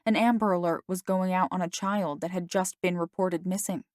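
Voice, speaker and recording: A woman narrating a first-person novel as an audiobook, in a steady storytelling manner. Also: on the low side, normal speed, dry recording, studio quality.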